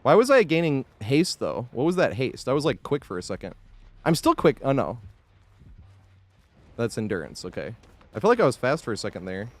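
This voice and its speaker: A man's voice: mid-range voice, huge pitch swings, a little fast, long pauses, no room sound. A man streaming a game live, chatting casually with viewers, swearing freely, laughing often and thanking supporters as he plays. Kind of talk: live gameplay commentary.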